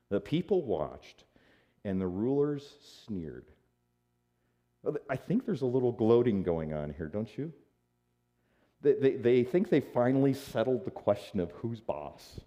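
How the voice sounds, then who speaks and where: A man preaching in an animated, conversational style. His pitch moves a lot, rising and falling across phrases. The tone is mellow and relaxed. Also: unhurried, pauses often. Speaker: pastor. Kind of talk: sermon.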